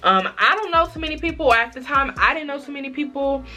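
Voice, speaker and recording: A young woman chatting through a casual storytime vlog, dramatic and expressive, often calling her viewers y'all. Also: high-pitched, fast talker, soft background music. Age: young adult. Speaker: vlogger.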